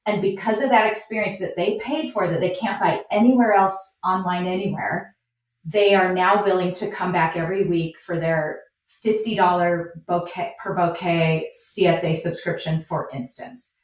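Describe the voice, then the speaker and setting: A woman's voice: fairly low pitch, fairly even intonation, moderate pace. A woman, a flower farmer and business coach, guest on a podcast, talking in an upbeat and encouraging way. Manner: upbeat, encouraging, acts out quoted voices. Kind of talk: podcast interview conversation. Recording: echoey, distant remote audio.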